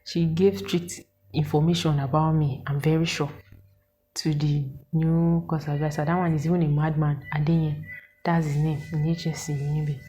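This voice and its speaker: A Nigerian woman in her twenties, telling a story to her viewers in an animated, exasperated way and asking them questions. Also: low-pitched, normal speed, a little hiss or hum, low-quality recording. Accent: Nigerian English with Pidgin words. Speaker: vlogger. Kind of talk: casual storytelling to camera.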